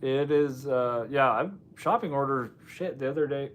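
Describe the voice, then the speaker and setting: An American man of medium pitch talks at a normal speed while hosting a casual livestream. He rambles through his chat with viewers, often making fun of himself.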